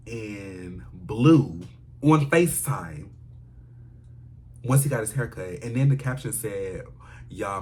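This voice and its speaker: A man telling a personal story in a casual storytime vlog, animated and dramatic, with slangy asides to his viewers. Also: mid-range voice, slight background noise.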